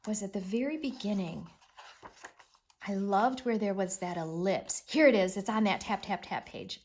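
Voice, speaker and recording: A woman teacher giving an expressive, encouraging read-aloud reading lesson with lots of emphasis. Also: mid-range voice.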